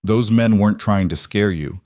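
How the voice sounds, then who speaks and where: A man doing a calm, cold crime boss. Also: fairly low pitch, moderate pace, no room sound, close to an everyday voice. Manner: calm, quiet, certain.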